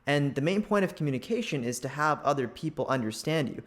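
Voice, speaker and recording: Lively crisp-spoken speaking coach. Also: medium pitch. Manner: deliberate, crisply clipped articulation. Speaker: video channel host. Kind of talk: instructional talk to camera.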